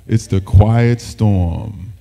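A man putting on the voice of a smooth late-night male radio DJ, talking in a slow, soft croon. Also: lowish voice, voice pushed down, heavily acted. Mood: seductive.

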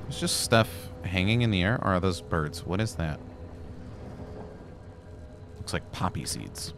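A gaming YouTuber gives casual gameplay commentary over music, chatting to the game and letting out flustered yelps when things go wrong. His deep voice has lively intonation and a slightly slow pace.

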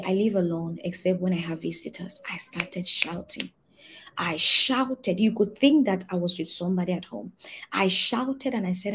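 A woman pastor offers an earnest prophetic testimony and prayer, her lowish voice carrying a slight hiss or hum. She repeats key phrases and shifts between soft murmurs and shouted prayer.

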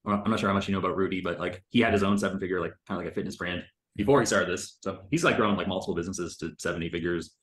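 Chatty low-voiced man in an echoey room. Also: racing, a bit bright. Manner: loose and chatty, full of "like", swears casually. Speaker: sales coach reviewing a recorded sales call. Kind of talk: casual commentary.

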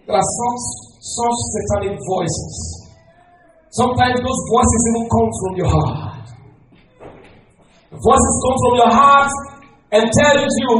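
A man preaching a fervent sermon as pastor, often shouting with loud emphasis. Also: very high voice, takes it slowly. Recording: very echoey hall, far from mic, faint noise.

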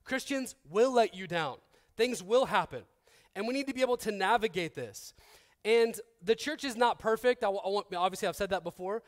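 A man in his thirties preaching a sermon as pastor, conversational and joking, with restarts, who acts out quoted people in a softer, lower voice. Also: moderate pace.

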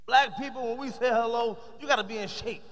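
A man's voice: very high-pitched, a little fast, fairly bright tone. A man doing live stand-up comedy on stage, with a punchy, heavily profane delivery.

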